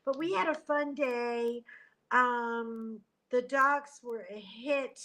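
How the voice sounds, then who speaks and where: A middle-aged woman chatting casually on a livestream from a hotel room, animated, joking and gasping as she talks into a tablet. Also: fairly high pitch, takes it slowly, low-quality recording. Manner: chatty and animated, jokes and gasps. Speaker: livestream host. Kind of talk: casual live chat. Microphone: tablet camera.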